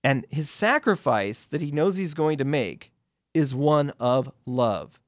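A man's voice: a little high, lively intonation, takes it slowly, dry recording. A man talks as a guest film critic on a radio show. His delivery is loose and rambling, with frequent restarts as he retells scenes. The studio sound is dry and close. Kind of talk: casual explanatory radio talk.

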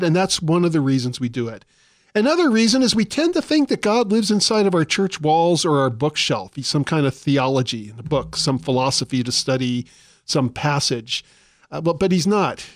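An older man hosts a faith radio show in a slightly raised, lively voice. He teaches conversationally and throws in joking, self-deprecating asides. His voice sits close and dry on the mic. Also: on the high side, no room sound. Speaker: radio host.

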